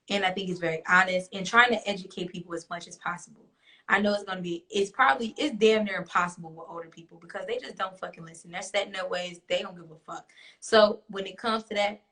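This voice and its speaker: A woman's voice: lowish voice, bright, forceful tone. Blunt, laughing young woman host. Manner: blunt, swears freely, laughs often. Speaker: talk show host. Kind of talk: casual chat to a live audience.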